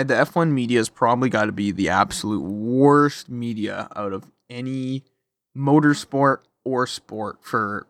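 A man's voice: mid-range voice, a bit bright, dry recording. A man hosting a casual motorsport podcast, talking loosely with lots of "like" and "you know". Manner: loose, chatty, lots of likes. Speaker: podcast host.

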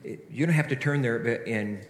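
A man's voice: medium pitch, normal speed, a little hiss or hum. A man preaching a sermon with earnest rhetorical questions and frequent restarts. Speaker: pastor. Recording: echoey hall reverb.

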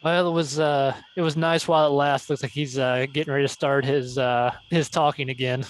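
A man's voice: mid-range voice, fairly even intonation, brisk. A man playing a tabletop role-playing game, speaking in character in a dry, wry way with hesitant fillers. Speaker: player.

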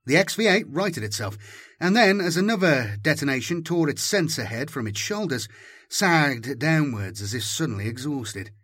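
A man's voice: fairly high pitch, moderate pace, slightly rough, no echo. A man doing dramatic scripted audiobook narration on a close mic. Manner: dramatic, animated storytelling.

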